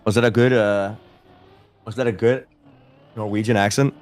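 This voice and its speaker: A man's voice: on the low side, fairly even intonation, normal speed, a little mellow. A man in his thirties with a light Danish accent, chatting casually on a game stream and answering chat. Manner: easygoing, chatty, self-deprecating.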